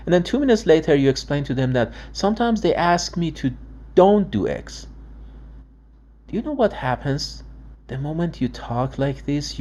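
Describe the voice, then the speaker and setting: A man's voice: medium pitch, a little mellow. A man speaking in an emphatic monologue, acting out dialogues and restarting his words often. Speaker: father and video blogger. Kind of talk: emotional monologue commentary.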